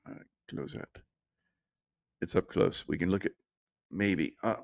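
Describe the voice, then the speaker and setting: A man's voice: low voice, fairly even intonation, unhurried, gravelly. A man hosting his own show with casual, rambling commentary, laughing often and drifting off point. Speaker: show host.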